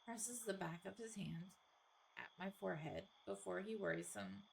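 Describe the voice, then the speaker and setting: A woman streamer reading a horror game aloud in first person, with casual, expressive asides and the occasional swear. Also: mid-range voice, normal speed, vocal fry, slight background noise, low-quality recording.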